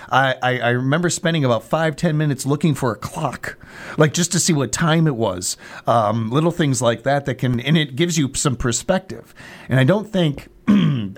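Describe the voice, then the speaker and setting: A young man co-hosting a casual chat show, joking often and talking in halting starts and restarts. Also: medium pitch. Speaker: co-host.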